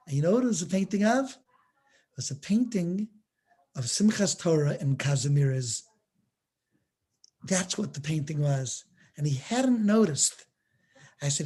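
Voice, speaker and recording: Lively storytelling rabbi, a man. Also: fairly high pitch, normal speed. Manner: lively storyteller, acts out quoted dialogue. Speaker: rabbi and art lecturer. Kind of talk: storytelling lesson on a live stream.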